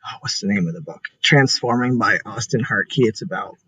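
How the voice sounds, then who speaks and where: A man's voice: on the low side, fairly quick, sharp tone, a little hiss or hum, poor audio. A young man talking casually and earnestly as an interview guest, full of "like" fillers.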